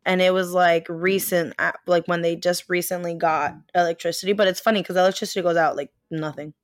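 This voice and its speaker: Young woman on a podcast, chatty and animated, swears a lot, dry close sound. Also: on the low side, fairly quick, no room sound. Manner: animated, swears a lot, many fillers, laughs while telling. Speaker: podcast co-host. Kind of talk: casual chat storytelling.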